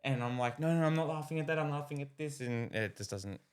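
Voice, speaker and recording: A man's voice: fairly high pitch, fast. A man, a podcast co-host, chatting casually and playfully repeating phrases. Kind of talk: casual chat.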